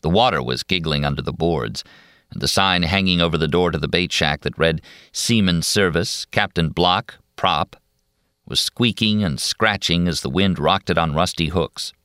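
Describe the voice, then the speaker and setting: A man narrating a novel in a steady, measured storytelling voice. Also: low voice, clean tone, no room sound, studio quality. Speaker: audiobook narrator. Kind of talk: scripted narration.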